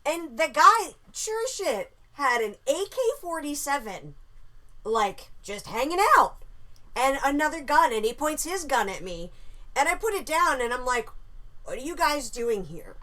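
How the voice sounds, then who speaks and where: A woman casually telling a story about a dream, animated and swearing freely. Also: high-pitched, measured pace.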